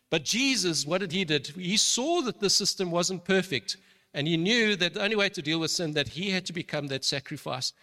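A man's voice: on the high side, sharp tone. A man preaching a sermon in an earnest way, often restarting and repeating words. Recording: long reverb of a large hall.

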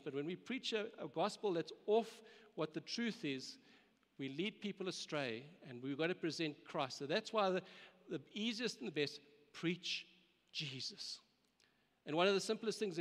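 Earnest preacher in an echoing hall. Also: male voice, a little high, a bit bright. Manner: earnest, exhorting, with frequent restarts. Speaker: pastor. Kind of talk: sermon. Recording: long hall reverb.

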